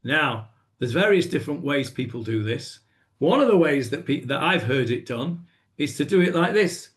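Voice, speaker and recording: A man's voice: fairly high pitch, lively intonation, moderate pace. Chatty man teaching, with many fillers. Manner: chatty with many fillers, breaks into chanting and acted exclamations. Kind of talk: informal lesson on chanting a scripture reading.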